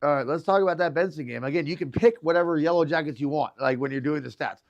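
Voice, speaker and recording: A man co-hosting a local sports radio show, excitable, reeling off stats. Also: a little high, quick pace, highs cut off. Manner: excitable, hypes teams, rattles off stats. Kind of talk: casual sports talk radio.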